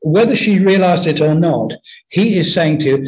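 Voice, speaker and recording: Earnest man preaching, slightly high voice. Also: expressive, darkish tone, poor audio. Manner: earnest, anecdotal, halting with many restarts. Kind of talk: conversational sermon.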